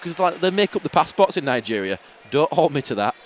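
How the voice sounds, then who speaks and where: A man's voice: fairly high pitch, very animated, brisk, slight background noise. A man, co-hosting a football fan podcast outdoors at a match, chatty and laughing, full of rambling asides. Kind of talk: casual football banter.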